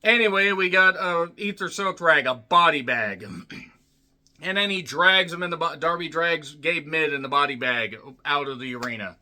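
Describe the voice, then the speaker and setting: A man reviewing a wrestling show in a profane, angry rant that swings between yelling and muttering. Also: high-pitched.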